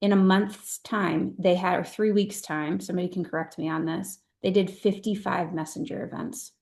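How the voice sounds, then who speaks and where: A woman's voice: on the low side, fairly even intonation, moderate pace, creaky, a little mellow. Earnest woman leading a motivational team call. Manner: earnest, emphatic and heartfelt. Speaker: direct-sales team leader. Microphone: video call.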